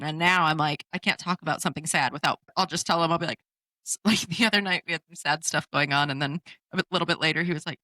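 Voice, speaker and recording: A woman's voice: deep voice, fairly quick, bright, forceful tone, no echo. A woman in her thirties hosting a casual podcast chat, laughing often as she tells stories. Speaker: podcast host.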